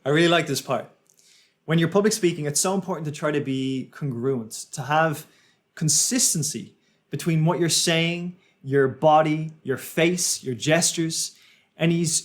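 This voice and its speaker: A man commenting as a public speaking coach, calmly analysing a speech and explaining its techniques. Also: a little high. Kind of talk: reaction commentary.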